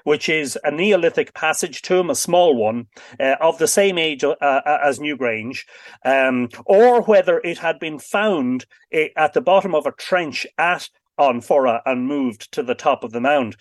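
A man's voice: fairly high pitch, lively intonation, unhurried, dry recording. Dry-voiced man explaining history. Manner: knowledgeable, discursive, many fillers. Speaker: expert guest on radio. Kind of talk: radio interview, explaining history.

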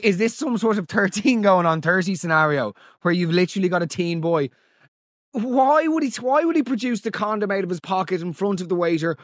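An Irish man hosting a podcast, mocking listener stories in comic commentary with big theatrical swings in pitch. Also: no room sound, clean studio sound. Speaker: podcast host.

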